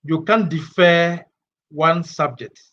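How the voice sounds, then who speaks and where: A man's voice: a little high, takes it slowly, a bit bright, lo-fi sound. A man answering exam questions in a webinar, hesitant and full of fillers, chuckling at times.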